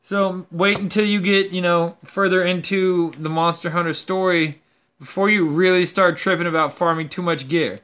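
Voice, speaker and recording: A young man hosting a gaming video, ranting casually in a profane, rambling, animated way. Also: sits high, moderate pace, smooth. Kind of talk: casual rant to camera.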